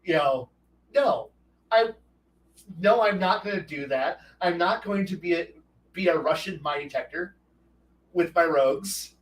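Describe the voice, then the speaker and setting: A rambling, profane man holds forth on tabletop gaming, often restarting his sentences. His voice sits a little high for a man. He sounds set back from the mic in an echoey room with a faint hiss behind him. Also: unhurried, long pauses. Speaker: host. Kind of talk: casual rambling talk. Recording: roomy echo, distant from mic, faint noise.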